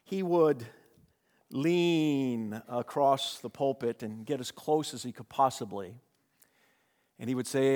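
A man preaching a sermon with a dynamic delivery that swings between raised, emphatic passages and hushed, quiet ones. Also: medium pitch, slow. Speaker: pastor. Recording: long hall reverb.

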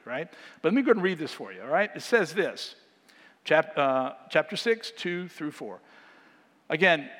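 A man giving a sermon as guest preacher, speaking in a conversational, animated way and often asking the congregation questions. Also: fairly high pitch, moderate pace. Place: church sanctuary. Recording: long hall reverb.

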